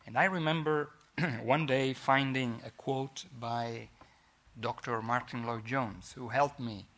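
A middle-aged man with an Italian accent, a native Italian speaker giving a formal lecture in English, measured and pausing often with fillers. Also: mid-range voice, sharp tone. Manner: measured, with frequent fillers and restarts. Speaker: guest lecturer.

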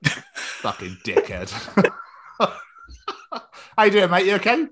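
A man's voice: high-pitched, huge pitch swings, takes it slowly, a bit bright, slight background noise. A man co-hosting a podcast in casual chat, joking, self-mocking and swearing freely. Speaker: podcast co-host.

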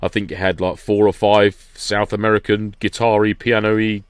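A man's voice: fairly low pitch, moderate pace, smooth, no echo. A man telling stories in casual chat as a podcast guest, acting out what people said. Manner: animated storytelling, acting out quotes.

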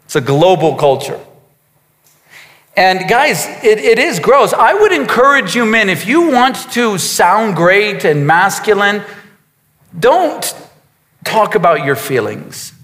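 A man's voice: high voice, sing-song, slow pace, fairly bright tone, big-room sound. A man preaching a sermon as a pastor, emphatic, with repetitions and asides to his congregation.

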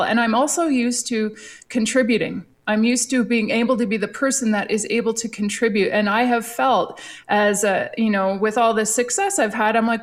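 A woman talks with earnest, heartfelt feeling as a guest on a talk show. Her voice sits a little high and her words come in a steady, full-hearted flow. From Canada. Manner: earnest, heartfelt, fast-flowing. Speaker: guest, Olympic athlete. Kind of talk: emotional casual talk.

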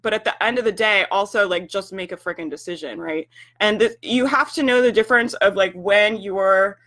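A woman's voice: medium pitch, moderate pace, a bit bright. A young woman hosting a casual livestream for business owners, talking frankly with lots of "like" fillers and the odd swear word.

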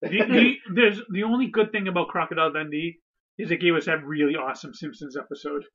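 A man in a casual movie chat who makes wry, offhand remarks in a high, bright voice. The recording is dull and lo-fi. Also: quick pace. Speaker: podcast co-host.

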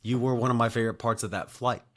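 A man's voice: mid-range voice, steady tone, quick pace. A man telling a travel story in a casual, rambling monologue, full of swearing, fillers and tag questions. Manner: rambling and profane, heavy on fillers and "right?".

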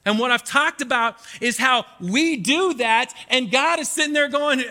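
A man in his forties preaching a sermon as pastor, animated and acting out pleading prayers to God. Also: very high voice, moderate pace, few pauses. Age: 40s. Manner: animated, acts out prayers to God with rising intensity. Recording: long hall reverb.

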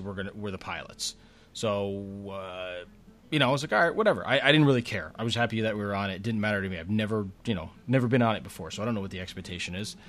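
On a podcast he co-hosts, a man tells a story about a trip, chatty and rambling, often starting his sentences over. His voice sits on the low side with a fairly bright tone.

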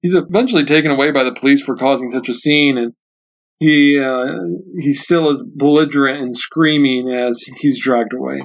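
A man's voice: mid-range voice, fairly even intonation, moderate pace. Earnest man hosting a book podcast. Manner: earnest, repeats himself while thinking aloud. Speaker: podcast host. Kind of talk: book discussion podcast with Christian reflection. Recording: dull lo-fi sound.

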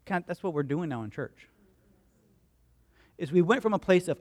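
A man's voice: on the high side, normal speed, pauses often. A man preaching a sermon as pastor, telling stories in a conversational way and acting out the quotes of the people in them. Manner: animated storytelling, acts out voices and crowd quotes; conversational, asks the congregation questions.

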